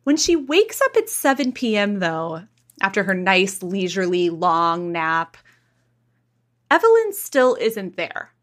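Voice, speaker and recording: A woman in her thirties hosts a casual gossip podcast. She tells the story in an animated way, putting on the voices of its people and often breaking into laughter. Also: medium pitch, unhurried. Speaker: podcast host.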